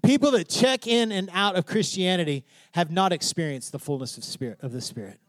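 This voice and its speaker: High-voiced man preaching a sermon. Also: a little fast, fairly bright tone, no room sound. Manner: preaching with rising fervor, questions to the congregation. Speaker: pastor.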